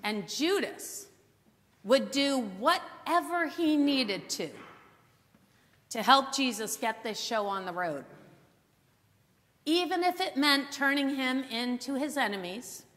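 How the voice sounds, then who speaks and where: A woman preacher teaching a Bible sermon as an expressive storyteller with dramatic pauses. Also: high voice. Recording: long hall reverb.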